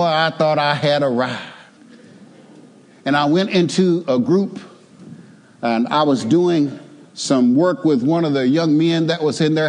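Emphatic preacher in a reverberant church. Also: male voice, a little high, darkish tone. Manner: call-and-response with the congregation, rising to emphatic exhortation. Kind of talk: sermon. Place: church sanctuary.

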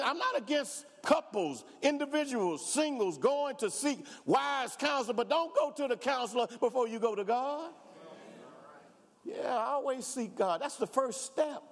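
A man preaching a sermon as pastor, with rising fervor, acting out the voices of worried congregants and their prayers. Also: on the high side. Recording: reverberant hall.

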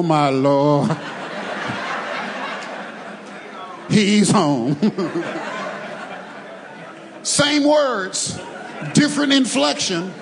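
A man's voice: sits high, low-quality recording. A man preaching a sermon to his congregation, emphatic, with a sing-song cadence and asides to the crowd. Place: church sanctuary.

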